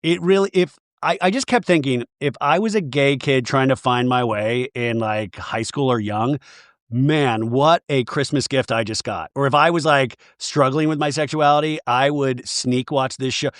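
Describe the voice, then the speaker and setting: A man chatting casually as a guest on a podcast, animated and rambling, laughing often as he talks. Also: medium pitch, moderate pace, dry recording, clean studio sound.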